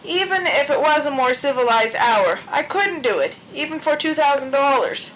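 A woman's voice: high voice, lively intonation, normal speed, a bit bright, a little hiss or hum, rough recording. A woman doing a drowsy hedgehog pastor. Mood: sleepy. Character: sleepy reluctant male hedgehog pastor.

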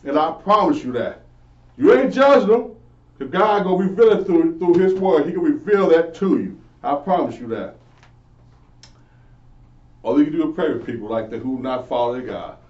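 A man's voice: fairly high pitch, expressive, moderate pace, long pauses. A man giving an informal Bible lesson, earnestly preaching and asking questions he then answers himself. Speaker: Bible teacher. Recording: echoey, distant, dull lo-fi.

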